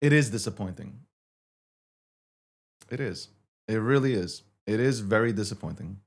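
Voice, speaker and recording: A man's voice: on the low side, moderate pace. A man hosting a show, ranting in heated, profane, sarcastic commentary. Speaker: show host.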